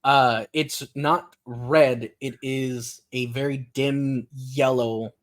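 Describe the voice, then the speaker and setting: A man runs a tabletop game as its narrator, setting scenes in a relaxed, halting way. He talks at a middling pitch and keeps stopping to restart his sentences. His speech is full of little fillers as he thinks aloud. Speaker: game master.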